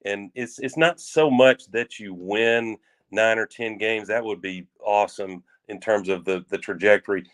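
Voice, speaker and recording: Sports talk co-host, male, fairly low voice, folksy and rambling. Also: fairly bright tone. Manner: rambling, folksy, drawn-out phrases with restarts.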